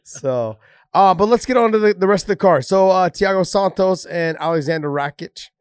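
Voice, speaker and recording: Brief: male ex-fighter co-host, casual chat, lively quoted asides, dry close mic. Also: sits high, normal speed, clean tone, dry recording. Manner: storytelling, acting out quoted lines with laughs. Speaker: former fighter, podcast co-host.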